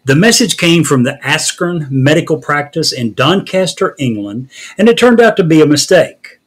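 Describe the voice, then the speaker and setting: Guy hosting a news chat podcast, husky voice, wry storyteller. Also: fairly high pitch, lively intonation, moderate pace. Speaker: podcast host.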